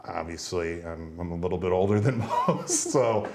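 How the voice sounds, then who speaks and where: A pro wrestler in his thirties, appearing as a guest, chats casually in an interview and tells stories in a relaxed, rambling way with frequent fillers. He has a deep voice and a moderate pace, and a noisy crowd is audible behind him.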